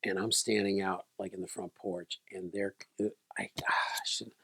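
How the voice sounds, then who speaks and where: A man's voice: low-pitched, little pitch movement, normal speed, vocal fry, fairly bright tone, breathy edge. A man in a casual vlog, telling a personal story in a loose, rambling way with many restarts. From South Florida. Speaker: video creator.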